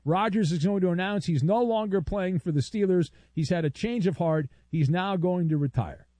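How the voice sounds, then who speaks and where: A man's voice: sits high, normal speed, no echo. A man hosting a sports talk radio show, chatty and opinionated, telling stories and arguing with callers. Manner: chatty, opinionated, animated storytelling.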